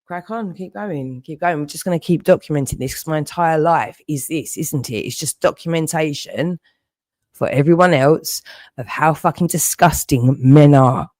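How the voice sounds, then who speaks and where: A woman's voice: deep voice, moderate pace, darkish tone, no echo. A young woman ranting angrily and profanely on a livestream, repeating herself. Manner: furious, profane and repetitive. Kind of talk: angry livestream rant.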